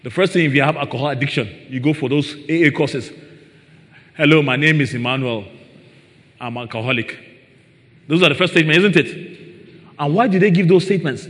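A man delivering a sermon in a slightly raised voice. His words ring out with a long hall reverb. He keeps checking in with his congregation through rhetorical questions. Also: a little high. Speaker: preacher.

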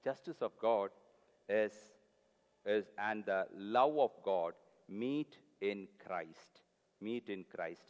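A man's voice: on the low side, slow pace, clear, resonant tone, dull audio. A man preaching a sermon, earnest and pleading, repeating his key phrases for emphasis. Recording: long hall reverb.

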